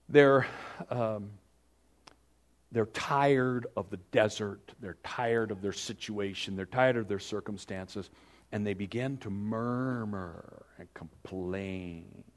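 A man preaching a sermon, telling stories and acting out grumbling people in raised voices. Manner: lively storytelling preacher, acts out complainers in higher voices. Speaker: pastor.

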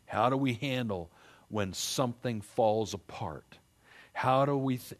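Low-voiced man preaching casually. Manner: casual, slangy, rhetorical questions. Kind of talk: sermon.

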